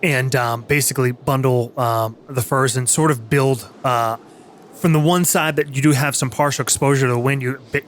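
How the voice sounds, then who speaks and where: A man narrating as game master in a tabletop game, halting and full of fillers and restarts. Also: mid-range voice, fairly even intonation, a little hiss or hum.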